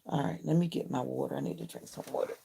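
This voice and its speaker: Gravelly-voiced woman hosting a late-night livestream. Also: rumbling low, wildly swooping pitch, quick pace, dark tone. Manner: talks directly to chat viewers, repeating questions. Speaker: livestream host. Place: home, lit by a ring light.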